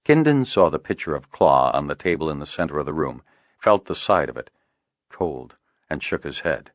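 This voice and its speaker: A man narrating a fantasy audiobook in a measured storytelling manner. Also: rumbling low, expressive, dry recording, lo-fi sound. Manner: measured storytelling, varied intonation. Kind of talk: scripted narration.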